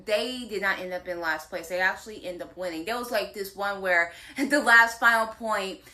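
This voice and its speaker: Bright-voiced woman recapping a show. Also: medium pitch, moderate pace. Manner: animated retelling with acted-out quotes. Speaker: drama recap co-host. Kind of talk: casual chat.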